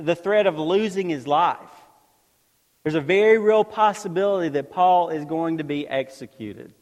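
A high-voiced male pastor preaches in a relaxed, conversational way. He keeps turning to the congregation with rhetorical questions, and his voice rings out with a long reverb tail, as in a church sanctuary. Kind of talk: sermon.

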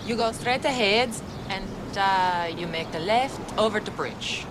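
A woman's voice: medium pitch, a little slow, lightly acted. An actress playing a woman giving street directions, brief and dry. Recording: film clip with traffic noise.

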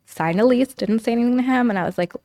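Speaking fast in a high-leaning voice with a darkish tone, a young woman guesting on a podcast shares her story openly and casually. She reenacts quotes and leans heavily on "like" and "you know".

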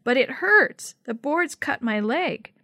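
A woman's voice: sits high, animated, takes it slowly, bright, forceful tone, no room sound, clean studio sound, voice pushed up, heavily acted. A woman voicing a brave, stubborn young girl with a raised, earnest voice. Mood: distressed.

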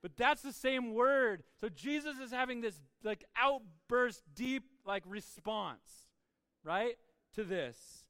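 Male pastor, conversational sermon delivery; high, clear voice in a reverberant hall. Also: expressive, takes it slowly, pushed and bright, clean studio sound. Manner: conversational preaching with laughs and asides.

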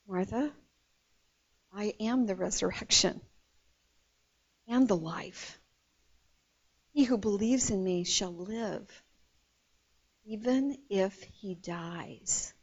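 A woman voicing Jesus as a gentle, grave grown man, speaking slowly and softly. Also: medium pitch, husky, voice pushed down. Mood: solemn. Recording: dull lo-fi recording.

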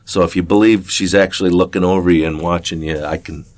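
A man's voice: low-pitched, steady tone, fast talker, a little mellow. An older man from southern Ohio, an interview guest telling a long personal story in a rambling, folksy way full of fillers and restarts. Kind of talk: casual storytelling.

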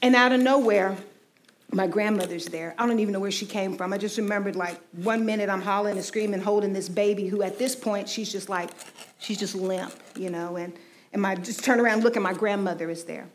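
A woman's voice: mid-range voice, steady tone, fairly quick, slight background noise. A woman in her forties giving a personal faith testimony in a conversational, storytelling way, often saying "you know". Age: 40s. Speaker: ministry team speaker.

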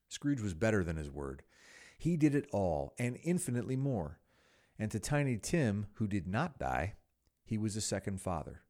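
A man narrating a classic story as a podcast host, expressive with wry asides. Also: fairly low pitch, moderate pace.

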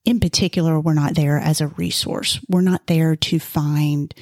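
A woman with a low, husky voice talks as a podcast guest, eager and emotional. She restarts her sentences often as she tells stories, and the sound is dry and close. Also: fairly even intonation, moderate pace, darkish tone, dry recording. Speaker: volunteer organizer, guest. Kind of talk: casual interview storytelling.

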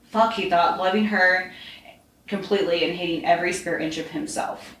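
Woman podcaster reading fanfic out loud, lowish voice, echoey room. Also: moderate pace, a little hiss or hum. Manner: steady storytelling with slips and restarts. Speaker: podcast reader. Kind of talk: reading fan fiction aloud. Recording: roomy room echo.

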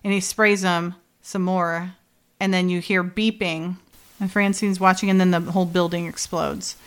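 A woman's voice: lowish voice, steady tone, moderate pace, clean tone. A woman co-hosting a casual podcast, animatedly retelling a TV episode and quoting the characters with laughs. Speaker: podcast co-host. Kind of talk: casual chat recapping a TV episode.

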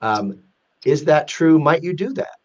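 Explaining a corporate risk rating database as an interview guest, a man is earnest and unhurried, his voice on the high side with lively intonation. The casual talk is full of restarts and acted-out example quotes.

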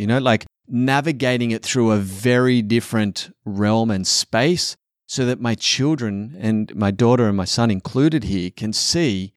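On a podcast, a middle-aged father talks candidly and earnestly, swearing often and acting out quotes in a raised voice. His voice is mid-range and unhurried. The studio sound is clean, with no echo.

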